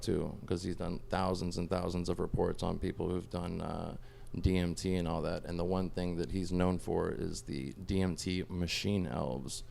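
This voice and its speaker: A man's voice: deep voice, gravelly, a little hiss or hum. A man, a podcast guest, telling a story in casual chat, swearing freely and filling his talk with "like" and "bro". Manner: animated, profane, lots of "like" and "bro".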